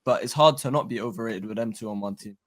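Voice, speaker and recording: A man on a podcast debating casually, animated and argumentative, with a lot of slang. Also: lowish voice, fast. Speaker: podcast guest.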